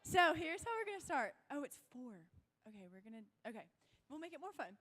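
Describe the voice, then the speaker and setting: Bubbly high-voiced young woman. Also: very animated, a little fast. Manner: bubbly, shouting cheers. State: sore voice. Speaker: youth game leader. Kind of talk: leading a crowd game. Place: church youth event.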